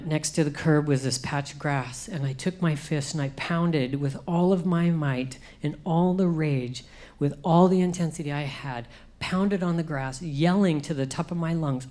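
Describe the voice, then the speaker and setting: A woman's voice: deep voice, mellow. A middle-aged woman giving an emotional personal testimony at a conference, acting out what she said in the past. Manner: emotional storytelling, acts out her own past speech. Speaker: conference speaker.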